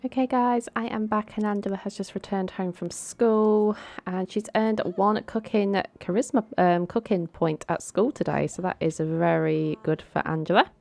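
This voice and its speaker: A woman's voice: mid-range voice, fairly even intonation, normal speed, creaky, hardly any pauses, a little mellow, dry recording. A young woman casually commenting on a life-simulation game, chatty and coaxing her characters along. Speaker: gaming channel host.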